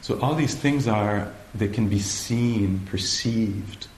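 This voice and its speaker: A man giving a dharma talk at a meditation retreat, slow and hesitant, often pausing to search for the right words. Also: on the low side, slight background noise. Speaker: meditation teacher. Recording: echoey room, faint ambience.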